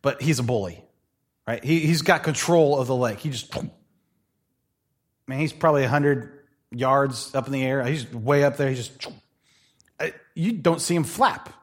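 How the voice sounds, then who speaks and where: A male pastor preaching a sermon in a conversational, animated way, telling stories with playful asides. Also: mid-range voice, normal speed, long pauses.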